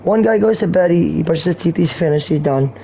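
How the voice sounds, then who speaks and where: A man's voice: a little high, lively intonation, a little fast, gravelly, dark tone, slight background noise, low-quality recording. A man streaming a game, talking in a rambling, crude way and telling meandering jokes. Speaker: gaming streamer. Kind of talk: rambling gameplay commentary.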